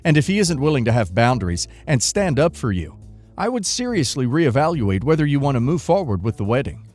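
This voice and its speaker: A man narrating, reading online forum posts and comments aloud in a steady read-aloud delivery. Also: medium pitch, brisk, soft background music.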